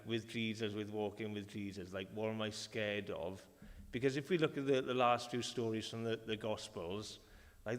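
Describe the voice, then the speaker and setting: A Welsh man in his thirties preaching a sermon in a relaxed, conversational way, with many fillers and restarts. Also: medium pitch. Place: church hall. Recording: reverberant church hall.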